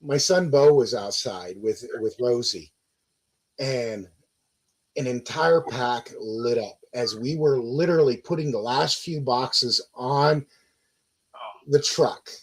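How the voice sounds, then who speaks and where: A middle-aged man with a husky, slightly breathy voice, chatting on a live stream. He tells his stories in long, meandering runs. He swears freely and backs up to restart his sentences. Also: medium pitch, slow pace, low-quality recording. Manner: rambling, profane storyteller, restarts often. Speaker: guest. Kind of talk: casual live-stream chat.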